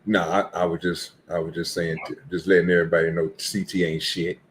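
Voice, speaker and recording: A man with a very deep voice speaks haltingly, as a co-host in a casual chat. Faint noise hums behind him. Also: level tone. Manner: hesitant, halting.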